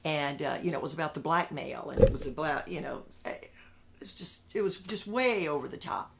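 A woman telling her story in a candid interview, animated and emphatic, repeating phrases for punch and swinging between loud outbursts and hushed asides. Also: deep voice, a little fast, vocal fry, very noisy.

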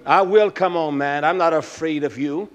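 A man preaching a sermon in a fiery, scolding style that drops to a quiet, storytelling voice. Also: on the high side, moderate pace.

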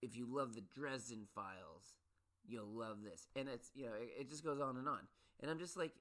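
A man's voice: mid-range voice, normal speed, fairly bright tone. A man hosting a solo podcast, ranting about his pet peeves in a rambling, restless way, with many restarts and sudden exasperated peaks. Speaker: podcast host.

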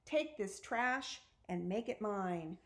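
A woman's voice: medium pitch, animated, slow pace, a bit bright. A woman reading a storybook aloud, voicing a bold young girl who acts like a princess and gives theatrical commands. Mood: chanting rhymes.

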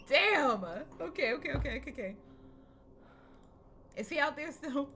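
A woman's voice: high voice, big pitch swings, slow pace, pauses often, sharp tone, slight background noise. A young woman streaming a horror game, chatting casually with viewers, swearing, repeating herself and laughing often. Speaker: gaming streamer. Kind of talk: casual live-stream commentary. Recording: game music behind voice.

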